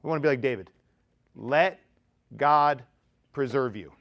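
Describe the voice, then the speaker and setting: A male pastor giving a sermon to teenagers in a church, talking in a conversational, joking way that swings between loud emphasis and quiet asides. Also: mid-range voice, a little slow. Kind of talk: youth sermon. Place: church sanctuary.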